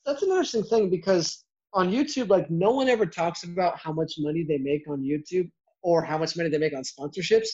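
A young man with a fairly high voice chats casually as an interview guest, rambling quickly with many fillers. The sound is a little dull and lo-fi. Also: darkish tone. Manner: quick, chatty, lots of "like" fillers. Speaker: YouTuber guest.

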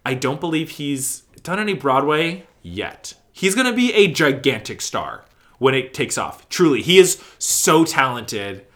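A man with a fairly high, bright and forceful voice chats in an interview. He tells theater stories in a gushing, animated way and slips into little voices for the people he quotes. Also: unhurried. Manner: animated, gushing storyteller who acts out quotes. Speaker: interview guest, theater company manager. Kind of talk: casual interview chat.

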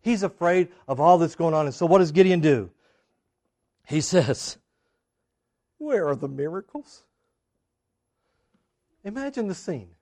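A man preaching a sermon, acting out the people in the story with big swings in loudness and emphasis. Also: moderate pace. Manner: animated, acts out quoted voices with big swings in pitch and loudness. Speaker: pastor.

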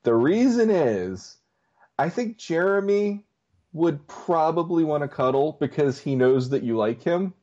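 A man's voice: fairly high pitch, lively intonation, measured pace, mellow, dull audio. Rambling, laughing man podcaster. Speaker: podcast co-host. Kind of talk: casual chat.

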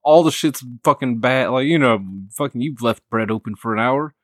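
A man's voice: medium pitch, moderate pace, dry recording. A young man chatting casually on a podcast, swearing freely and laughing as he tells stories. His voice sits mid-range and sounds dry and close, with no room around it. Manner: profane, laughing, animated storyteller. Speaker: podcast co-host. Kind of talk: casual chat, storytelling.

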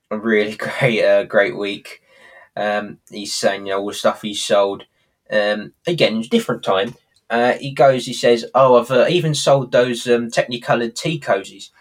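Low-voiced man retelling sitcom scenes. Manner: animated storytelling, acting out the characters' lines. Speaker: podcast co-host. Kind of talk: casual chat recapping a sitcom episode.

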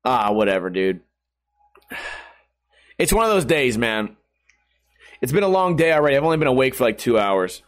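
A man's voice: medium pitch, big pitch swings, normal speed, long pauses. A man in his thirties rambling casually in a vlog, crude and self-mocking, swearing often and laughing at himself. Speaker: vlogger.

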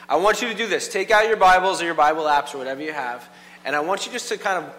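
A man preaching a casual, animated sermon, full of "like" and quick asides to the congregation. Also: on the high side. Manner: animated, filler-heavy with frequent "like". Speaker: pastor. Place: church hall. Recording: long hall reverb, faint hum.

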